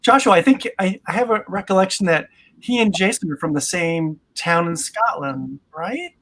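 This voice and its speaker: A man's voice: high voice, lively intonation, moderate pace, fairly bright tone, a little hiss or hum. A man hosting a live online tasting over a video call, jovial and joking. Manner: jovial, jokes and laughs at his own stories. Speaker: host.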